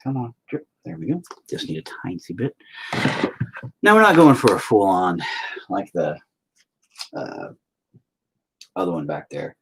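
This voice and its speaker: A man's voice: deep voice, huge pitch swings, measured pace, long pauses, a bit bright, slightly rough, low-quality recording. A man chatting casually and crudely while he paints, rambling and joking with lots of swearing. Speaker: painter streaming his work.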